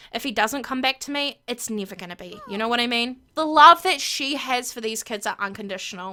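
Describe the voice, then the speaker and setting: A woman's voice: high voice, bright, forceful tone. A woman hosting a gameplay video, narrating in an emphatic, chatty way with lots of fillers. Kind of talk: casual gameplay commentary.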